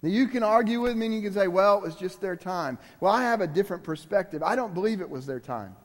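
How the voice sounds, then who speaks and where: A man's voice: high-pitched, lively intonation, fast talker, long reverb tail. A man preaching as a guest preacher, emphatic and conversational, turning to the congregation with asides. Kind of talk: sermon.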